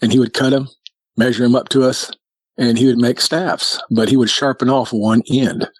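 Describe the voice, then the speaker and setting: A man's voice: steady tone, normal speed, no room sound. A man telling a childhood story in casual conversation, lifting his voice to act out what his family said. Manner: acts out family dialogue with raised pitch. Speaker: guest telling a sighting story.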